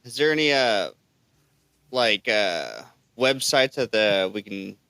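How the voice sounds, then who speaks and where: A man's voice: on the low side, animated, takes it slowly, gravelly, pushed and bright, clear, resonant tone, no echo. A man hosting a podcast, asking casual, hesitant questions full of fillers. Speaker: podcast host.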